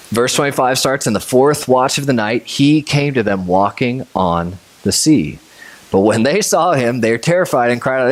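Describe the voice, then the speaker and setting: A fairly low-voiced man preaches a sermon, chatty and animated as he tells the story, with a laugh now and then. For reassuring lines he slows right down and goes low and soft. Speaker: pastor.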